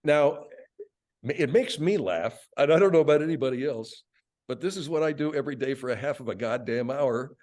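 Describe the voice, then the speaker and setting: Older male radio veteran, guest, animated and swearing, laughs a lot, medium pitch. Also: a little fast. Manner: animated, profane storyteller, laughs often. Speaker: radio host and voice actor, interview guest. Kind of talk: casual interview chat.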